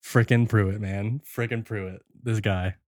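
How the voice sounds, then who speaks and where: A man hosting a casual podcast, retelling a film scene by scene and acting out the characters' lines in quick bursts. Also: lowish voice, fairly even intonation, darkish tone, no echo, clean studio sound. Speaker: podcast host recapping a film. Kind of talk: casual chat.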